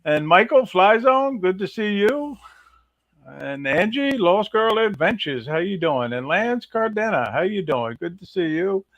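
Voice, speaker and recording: A man with a fairly high voice co-hosts a livestream, cheerfully calling out viewers by name. The sound is dry and close, with no room echo. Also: very animated, unhurried, a bit bright. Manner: upbeat, greeting viewers one by one. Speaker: co-host. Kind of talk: casual livestream chat.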